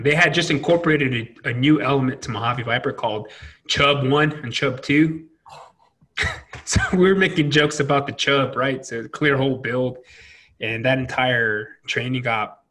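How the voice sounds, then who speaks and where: A man's voice: mid-range voice, sharp tone. A man telling profane military stories in casual chat, full of fillers and laughter. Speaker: Marine veteran interviewer.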